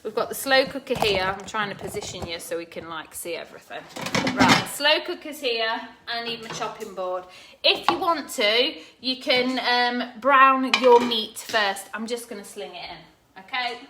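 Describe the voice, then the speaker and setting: A woman's voice: on the high side, lively intonation, normal speed, noisy background. A woman hosting a live cooking stream from her home kitchen, talking casually and greeting viewers by name. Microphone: phone camera propped on the counter.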